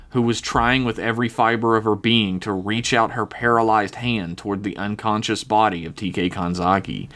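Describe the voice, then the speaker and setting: A man's voice: fairly low pitch, a bit bright. A man narrating a tabletop role-playing game in a dramatic style, swearing and laughing now and then. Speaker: game master.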